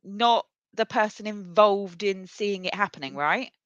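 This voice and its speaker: A woman's voice: medium pitch, unhurried, no echo. A woman hosting a casual podcast interview, chatty and frank with plenty of fillers. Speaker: podcast host. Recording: dull lo-fi dry sound.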